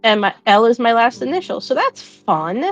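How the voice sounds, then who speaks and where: A woman's voice: on the high side, big pitch swings, normal speed, dull audio, faint music behind. A woman playing a tabletop game, chatty and upbeat, thinking aloud as she plays her character. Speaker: player.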